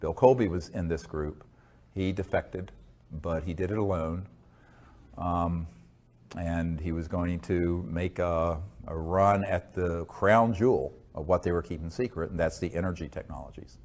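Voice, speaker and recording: An American man with a low voice, answering interview questions in an earnest, measured way. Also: darkish tone, a little hiss or hum. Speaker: interview guest.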